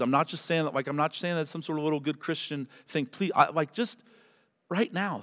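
A man's voice: mid-range voice, fairly bright tone. A man preaching as pastor, closing a sermon and praying, earnest and pleading, stumbling and correcting himself now and then. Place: church sanctuary. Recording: reverberant church hall.

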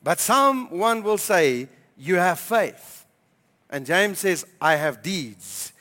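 A man preaching as pastor, emphatic and repeating key phrases, slowing down to stress scripture. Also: high voice, expressive, pushed and bright, big-room sound. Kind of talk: sermon. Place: church hall.

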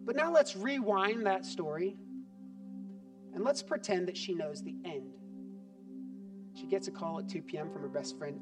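A man's voice: high-pitched, normal speed, long pauses. A male pastor preaching a sermon, telling a story and dropping his voice for emphasis. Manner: storytelling, drops quiet for emphasis. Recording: distant mic with background music.

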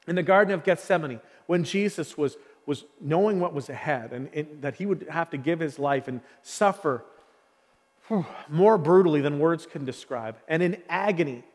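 A man with a high voice preaches with passion. He builds his points through repetition and dramatic pauses. His voice carries a long, lingering reverb. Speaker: pastor. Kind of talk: sermon.

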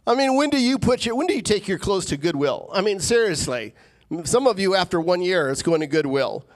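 A man preaching a sermon as the pastor, animated and rising to emphatic peaks. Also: high voice, fairly quick.

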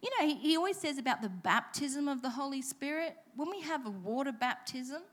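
A woman's voice: sits high, expressive, brisk. A woman preaching a sermon in church, telling stories with playful self-deprecating asides. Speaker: pastor.

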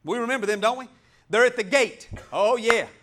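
A pastor with a drawl preaches a fiery sermon in a church, his voice unusually high for a man and his pace brisk. He shifts between loud exclamations and quieter asides, laughing as he presses his points over a noisy background.

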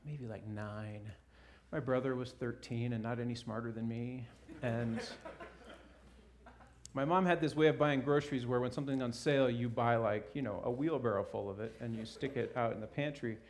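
A male pastor from Alaska delivering a sermon, telling a lively personal anecdote and chuckling as he goes. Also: mid-range voice, moderate pace. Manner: animated storyteller, chuckling through his own anecdote. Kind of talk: sermon with a humorous personal story.

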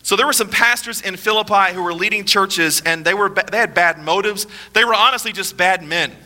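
A male pastor preaching a sermon with emphatic repetition, dropping low and quiet for solemn points. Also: fairly quick.

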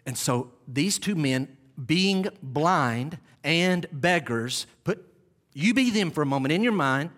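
A male pastor preaching a sermon in an animated, dramatic storytelling manner. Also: fairly high pitch, takes it slowly.

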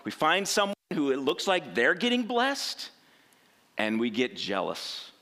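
A man's voice: fairly high pitch, huge pitch swings, measured pace, pushed and bright. A man preaching a sermon in a conversational way, often asking rhetorical questions and checking in with "right?".

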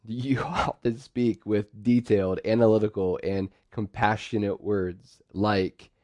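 A man with a fairly low voice delivers a sermon in a close, dry recording. He talks in a lively way and now and then acts out quoted phrases in sudden bursts. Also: unhurried, no echo. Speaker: pastor.

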